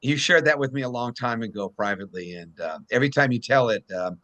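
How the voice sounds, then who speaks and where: Man hosting with a bright, forceful voice. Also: medium pitch, fast talker. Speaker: host. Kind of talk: casual talk show chat.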